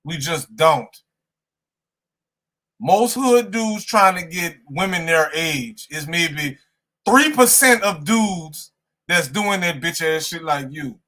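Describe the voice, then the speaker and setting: Mocking, high-pitched co-host, bright tone. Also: male voice. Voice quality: mocking, laughing at the others. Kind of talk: mocking commentary in a live argument.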